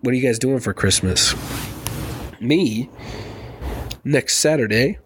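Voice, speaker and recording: A man's voice: mid-range voice, slow, background noise. A young man hosting a solo podcast, chatting loosely and rambling, swearing freely and laughing at himself. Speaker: podcast host. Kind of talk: casual solo podcast chat.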